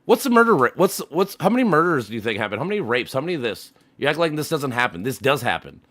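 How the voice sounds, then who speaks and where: Man, streamer, heated argument, lots of swearing, stumbles and repeats, mid-pitched voice, dry close sound. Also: big pitch swings, quick pace, fairly bright tone, no echo. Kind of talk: heated casual debate.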